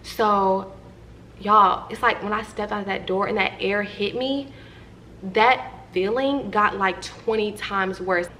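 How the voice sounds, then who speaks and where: A young adult woman vlogger telling a personal story to her viewers in a chatty, animated way and addressing them directly. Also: mid-range voice, slow, slight background noise.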